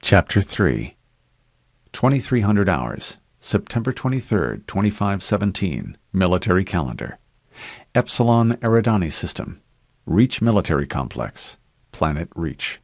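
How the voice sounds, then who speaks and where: Brief: male narrator, low voice, animated pitch, reads prose expressively. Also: moderate pace, no echo, clean studio sound. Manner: expressive reading with lively pitch. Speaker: audiobook reader. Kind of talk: fan audiobook narration.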